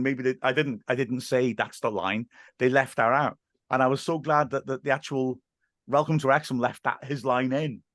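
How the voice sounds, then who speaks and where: Man, Welsh accent, podcast guest, animated storyteller, dry close mic. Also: medium pitch, dry recording. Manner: animated storyteller, chatty with frequent restarts. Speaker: podcast guest, football commentator. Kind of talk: casual chat.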